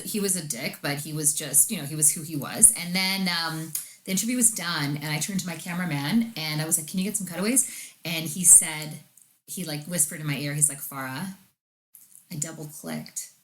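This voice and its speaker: A woman's voice: sits low, a bit bright, slight background noise, low-quality recording. A woman journalist, a guest on a podcast, telling a story in casual chat and acting out the people she quotes.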